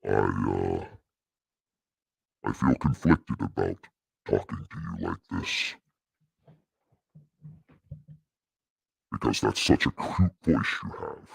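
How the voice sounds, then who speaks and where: A man putting on a demonic deep voice through a voice changer, growling crude threats and jokes as a channel host. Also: animated, takes it slowly, gravelly, husky, no echo, studio quality, exaggerated voice. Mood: menacing.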